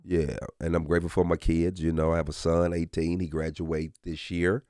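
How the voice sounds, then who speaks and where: A man's voice: sits low, normal speed, clean tone. A middle-aged man, a comedian chatting as a podcast guest and acting out his family's voices as he tells stories. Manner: animated storyteller, acts out family voices. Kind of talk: casual podcast chat. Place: podcast studio.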